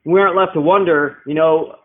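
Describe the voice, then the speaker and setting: A man's voice: a little high, fairly even intonation, brisk. A man preaching a Bible-teaching sermon, explaining verses and asking rhetorical questions. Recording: tinny phone-like sound.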